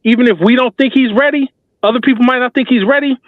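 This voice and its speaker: A man's voice: very high-pitched, steady tone, quick pace, dry recording. A man giving passionate, slangy basketball fan commentary as a talk show host, emphatic and repetitive like a preacher. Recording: tinny phone-like dry sound.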